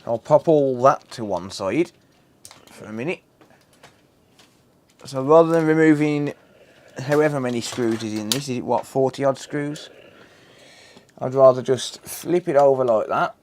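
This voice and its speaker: Joking repair streamer. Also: male voice, mid-range voice, a little slow, long pauses, a little mellow. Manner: joking, banters with chat, swears casually. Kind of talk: casual live stream chat while repairing.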